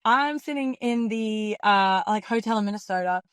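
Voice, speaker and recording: A woman's voice: medium pitch, moderate pace, smooth, dry recording. A young Australian woman, a pro basketball player, casually telling a story and filling her talk with "like". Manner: chatty, peppered with "like", acts out quotes. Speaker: professional basketball player guest.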